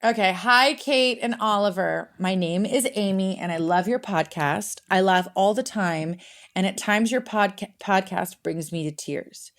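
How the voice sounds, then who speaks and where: A woman's voice: mid-range voice, measured pace. A woman in her forties co-hosting a casual podcast, reading listener emails aloud and turning tearful and laughing easily. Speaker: podcast co-host.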